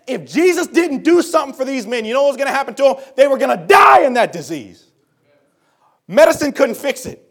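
High-voiced preacher swinging loud and soft. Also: male voice, breathy edge. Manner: swings from hushed to shouting, repeats phrases for emphasis. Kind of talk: sermon.

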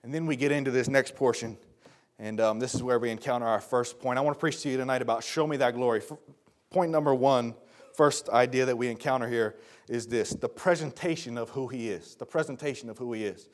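A man preaching a sermon in an earnest, folksy way, calling his listeners folks and turning from low explanation to shouted appeals. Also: fairly quick.

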